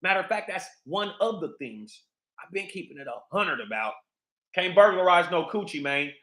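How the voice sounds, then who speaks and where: A man's voice: a little high, sing-song, moderate pace, pushed and bright, echoey room. A man hosting a livestream, ranting in a heated, profane, repetitive way. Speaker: livestream host.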